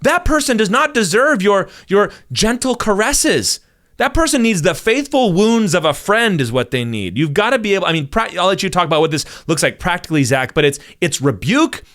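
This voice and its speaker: A male pastor, talking on a podcast and telling stories, acting out quotes in loud bursts. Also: high voice, normal speed. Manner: animated storyteller, acts out quotes in bursts. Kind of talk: casual podcast conversation.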